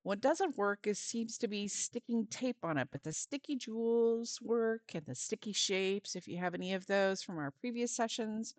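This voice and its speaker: A woman's voice: medium pitch, animated, moderate pace, few pauses, dry recording. A woman volunteer giving a friendly step-by-step craft lesson for parents and children, with some fillers.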